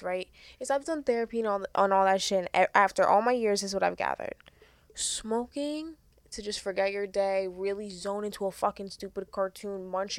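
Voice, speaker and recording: A woman's voice: medium pitch, no echo. A young woman hosting a podcast, giving frank, earnest advice in casual chat and swearing freely. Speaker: podcast host.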